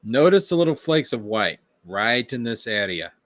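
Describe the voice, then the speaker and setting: A man giving reaction commentary on a stream, excitable, profane and mocking. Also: mid-range voice, normal speed, dry recording.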